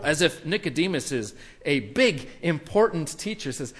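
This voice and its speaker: A man preaching a conversational sermon to a congregation, acting out quotes with lively energy. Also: a little high, normal speed. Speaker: pastor. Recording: long reverb of a hall.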